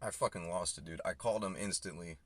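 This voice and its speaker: A man's voice: sits low, fast talker, a bit bright, no echo. A young man, a delivery driver, ranting heatedly and profanely about his shift as he drives. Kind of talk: ranting vlog while driving. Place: inside a car. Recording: noisy in-car recording. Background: car and road noise, navigation prompts.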